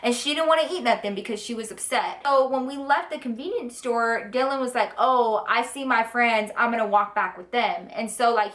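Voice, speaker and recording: A young woman telling a casual storytime, chatty and animated with lots of swearing. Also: fairly high pitch. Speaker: vlogger. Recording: echoey room.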